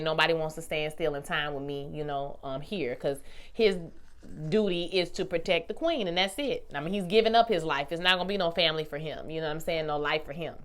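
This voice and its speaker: Animated woman with a bright, salty voice. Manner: animated, swings between loud exclaiming and low musing; salty slang, addresses viewers as y'all and baby. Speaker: vlogger reviewing a TV series. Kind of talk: casual chat.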